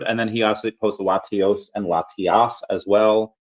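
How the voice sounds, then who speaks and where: A man giving casual solo commentary as a video creator, chatty and animated, reading out posts and shout-outs with frequent fillers and laughs. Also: fairly low pitch, unhurried, hardly any pauses, rough recording. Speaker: crypto and collectibles video creator.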